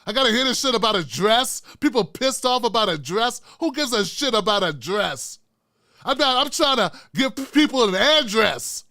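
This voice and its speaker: A man's voice: very high-pitched, bright, forceful tone, no room sound, studio quality. A man hosting his own show, delivering a heated political commentary rant full of constant swearing. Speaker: host.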